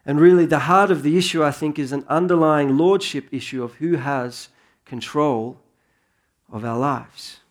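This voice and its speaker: A man in his thirties preaching a sermon in a relaxed, conversational way that rises into earnest emphasis. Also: fairly high pitch, normal speed. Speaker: pastor.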